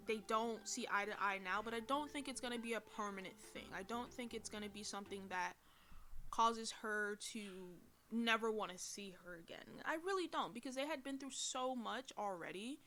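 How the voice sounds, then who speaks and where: A woman's voice: medium pitch, bright, forceful tone. A woman hosting a casual commentary show, talking in a chatty, rambling way with many fillers and self-corrections. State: burping from heartburn. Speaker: podcast host reviewing a TV drama.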